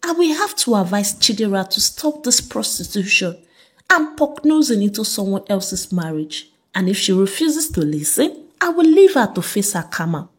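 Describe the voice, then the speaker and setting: A woman's voice: mid-range voice, very animated, normal speed, husky. A woman voicing an emotional, grateful young woman.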